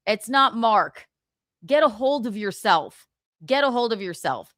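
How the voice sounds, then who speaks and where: Gossip host, woman, fairly high pitch, dry close mic, mocking tone. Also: animated, unhurried, a bit bright, no echo. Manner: mocking, insulting, laughing. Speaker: livestream host. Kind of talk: gossip livestream chat.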